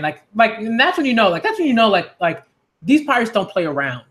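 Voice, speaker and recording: A man reading a manga aloud and commenting on it, acting out the characters in quick voices and laughing often. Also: sits high, very animated, bright, forceful tone. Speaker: manga reviewer.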